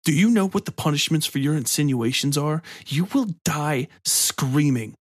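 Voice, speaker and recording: A man voices a stern, rigid Inquisitor, speaking in a stiff, threatening and indignant way with a furious mood. The voice is pitched above his own, on the high side, with lively intonation at a normal speed, recorded dry in a clean studio.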